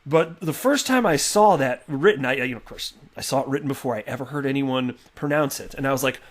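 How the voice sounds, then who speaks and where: A man hosting a casual commentary video, chatty and animated with lots of fillers and restarts. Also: a little high, fast. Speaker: crypto video host. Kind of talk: casual commentary reading tweets.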